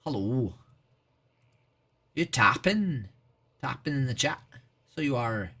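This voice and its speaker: Lively Irish male streamer, rambling. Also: medium pitch, slow pace, breathy edge. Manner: rambling, heavy use of "like", casual swearing. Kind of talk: casual livestream chat with strangers.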